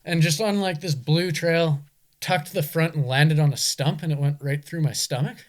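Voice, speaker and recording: A man's voice: fairly high pitch, steady tone, moderate pace. A young man, a guest telling stories in a laid-back way, often saying "like". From Canada. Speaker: guest, enduro racer. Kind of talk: casual chat.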